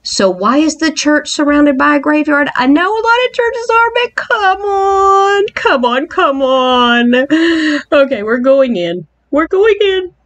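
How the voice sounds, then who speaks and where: Excitable woman with a lively high voice. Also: takes it slowly. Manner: excitable, mock-scared, exclaims often. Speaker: island tour host. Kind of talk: playful game walkthrough narration.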